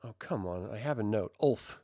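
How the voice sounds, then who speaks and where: A man's voice: fairly low pitch, normal speed, no echo, clean studio sound. A man casually reviewing a TV episode, rambling and joking as he recaps. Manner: jokey, rambling, animated.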